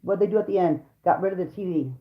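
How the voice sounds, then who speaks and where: A woman vlogger and mother launches into a heated, foul-mouthed rant straight to camera, talking fast in a lowish voice and repeating her points for emphasis. The sound is dull and lo-fi with a roomy echo.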